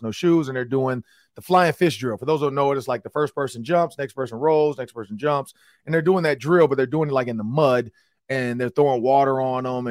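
A man hosting a sports talk show, telling a story in casual podcast style, animated and slangy. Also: mid-range voice, no echo, clean studio sound. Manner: animated, acts out quotes in slangy banter.

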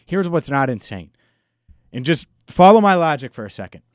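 Guy ranting solo on his sports podcast, kinda high voice, dry close sound, music faint behind. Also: big pitch swings, normal speed, no room sound. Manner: frustrated, emphatic, sarcastic. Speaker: podcast host.

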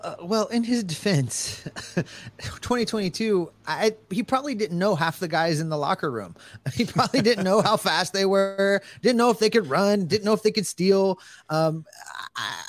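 A man co-hosting a sports podcast, talking casually in an animated, joking way. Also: high voice, moderate pace. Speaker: podcast co-host.

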